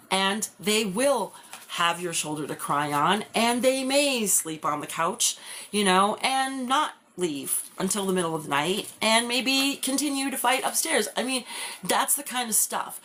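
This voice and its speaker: A woman's voice: mid-range voice, fairly bright tone. A woman giving a live-stream tarot reading, talking in a loose, rambling way full of "like" and "you know". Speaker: tarot reader.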